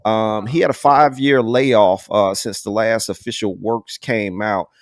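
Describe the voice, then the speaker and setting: A man's voice: lowish voice, steady tone, unhurried, no echo. Brief: male host of a casual video-call panel, slangy and easygoing, dry close sound. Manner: laid-back, slangy, says "man" often. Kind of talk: casual live panel hosting.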